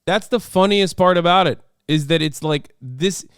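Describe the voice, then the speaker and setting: A man's voice: fairly high pitch, normal speed, smooth, no echo, studio quality. A man hosting a stream, giving casual political commentary in a heated, profane way. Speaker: streamer host.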